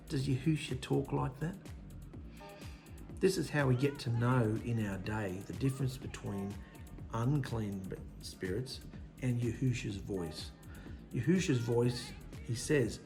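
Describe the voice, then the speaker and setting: Guy preaching a sermon, punchy lists, hits every word, normal middle voice, bit of quiet music behind. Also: mid-range voice, a little slow.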